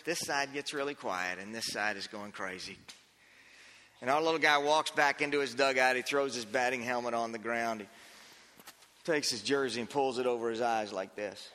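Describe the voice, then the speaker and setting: A man preaching a sermon, telling a story in an animated way, acting out the scene with frequent restarts. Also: medium pitch, big-room sound.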